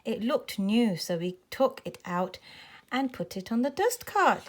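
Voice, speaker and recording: A woman's voice: on the high side, very animated, a little slow. A woman reading as a plain-spoken dustman.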